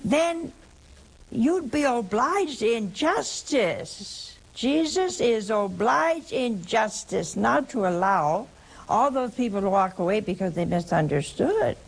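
Slow, gravelly woman preaching to a caller. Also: on the high side, sing-song, low-quality recording. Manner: emphatic, repeats key points, quotes scripture at length. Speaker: call-in show host answering a caller. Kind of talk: religious teaching on call-in radio.

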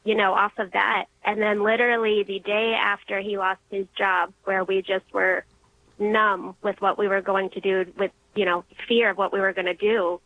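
A young woman calling in to share an emotional personal testimony, earnest and halting, restarting when moved. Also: medium pitch, little pitch movement. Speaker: caller. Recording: muffled phone line.

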